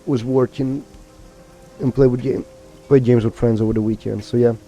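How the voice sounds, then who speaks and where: A man's voice: medium pitch, fairly even intonation, moderate pace, dark tone, lo-fi sound, soft background music. A man streaming a video game, chatting casually to his viewers and rambling with fillers and restarts. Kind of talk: casual let's-play commentary.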